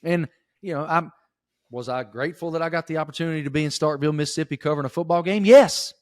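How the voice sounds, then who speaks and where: A middle-aged man from Appalachian Virginia with a Southern accent, telling stories in a folksy, animated way as a podcast guest. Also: a little high, racing, no room sound, clean studio sound. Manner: folksy, animated storytelling with emphatic bursts. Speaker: sports reporter guest. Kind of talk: casual podcast interview.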